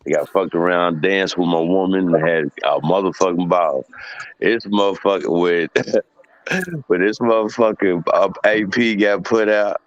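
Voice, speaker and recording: A man with a somewhat low voice tells a rowdy party story in loose, laughing fashion. He uses a casual, profane tone among friends. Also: a little slow, lo-fi sound.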